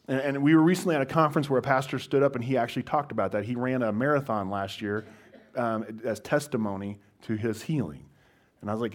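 A man's voice: medium pitch, fast talker. A man, a pastor, giving a conversational sermon to a congregation, with wry self-deprecating humor and frequent restarts.

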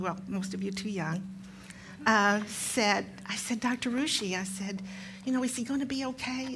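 A woman's voice: mid-range voice, a little hiss or hum. Older woman telling a church testimony. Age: 60s. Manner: warm storytelling with frequent ums and restarts. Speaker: guest speaker, pastor's mother.

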